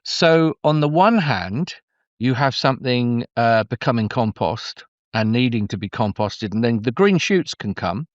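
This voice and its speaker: A middle-aged Englishman muses aloud at a medium pitch, wandering from thought to thought with warm enthusiasm and frequent restarts. His voice comes through a slightly muffled, dull line, and it sounds close and dry with no room around it. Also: lively intonation, measured pace, dry recording. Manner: meandering, effusive, full of restarts. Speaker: guest storyteller. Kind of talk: conversational interview.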